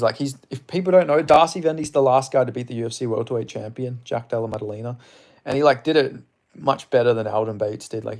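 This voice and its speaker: A man's voice: medium pitch, darkish tone. Casual young Australian male streamer, slight English tinge, loose rambling delivery with offhand swearing. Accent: Australian, somewhat mixed with English. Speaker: MMA livestream host. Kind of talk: casual livestream chat answering viewers.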